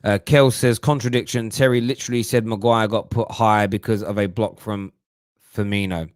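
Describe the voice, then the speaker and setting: A man hosting a live football fan show, reading viewer comments and answering them in animated, slangy casual chat. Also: on the low side, moderate pace, dry recording, clean studio sound. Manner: animated, mocking put-on voices, London slang like "bruv". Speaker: football talk show host.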